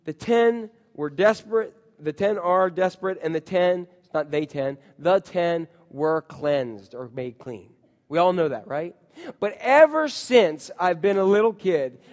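A man preaching a sermon in a church, animated and calling out to the congregation. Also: high-pitched. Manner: animated, calls out to the congregation, acts out shouts. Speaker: pastor. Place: church sanctuary. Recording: long hall reverb.

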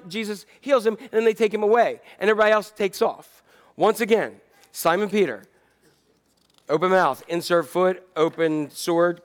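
A man preaching a sermon in a conversational, humorous way, asking many rhetorical questions. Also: sits high.

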